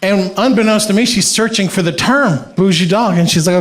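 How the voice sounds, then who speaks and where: A man from Iran performs a stand-up set, his voice sitting high as he tells animated stories and laughs through his own punchlines. The sound bounces around an echoey live comedy room. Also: a little fast.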